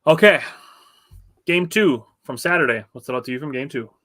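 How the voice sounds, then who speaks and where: A man co-hosting a sports podcast, telling game stories in an excited, chatty way. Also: mid-range voice, normal speed. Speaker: podcast co-host. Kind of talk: casual sports chat.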